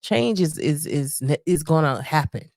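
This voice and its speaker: A woman's voice: low voice, expressive, measured pace, a little mellow, dry recording, clean studio sound. A woman co-hosting a married couple's podcast, talking emphatically and casually. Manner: emphatic, repeats "you know what I'm saying". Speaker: podcast co-host. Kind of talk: casual chat.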